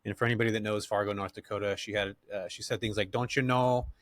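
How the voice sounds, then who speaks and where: A middle-aged man from California, a podcast guest who tells stories in a relaxed, slangy way and laughs often. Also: on the low side, rapid-fire, dry recording, studio quality. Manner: laid-back, slangy, animated, laughs often. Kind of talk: casual interview storytelling.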